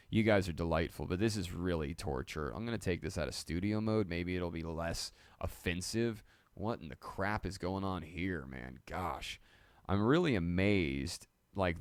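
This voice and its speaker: A man's voice: on the low side, fairly bright tone, clean tone, no echo, studio quality. A man hosting a livestream as a live sound engineer, rambling and joking, swearing, and bursting into mock panic.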